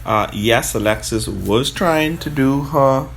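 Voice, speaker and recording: A man's voice: mid-range voice, gravelly, a little hiss or hum. A man chiming in with a teasing, casual side of the story. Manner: teasing, quick asides, animated.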